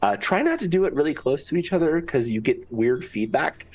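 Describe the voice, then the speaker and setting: A man's voice: on the high side, fairly quick, recorded from a distance, slight background noise. A man playing in a tabletop game, joking and laughing as he banters with the table. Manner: joking, animated, laughs often. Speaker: player.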